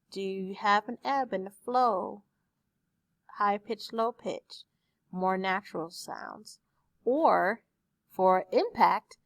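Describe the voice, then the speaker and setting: A woman speech teacher recording a lecture for her class on a desktop microphone, explaining terms slowly with examples. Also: mid-range voice, dry recording. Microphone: desktop USB microphone.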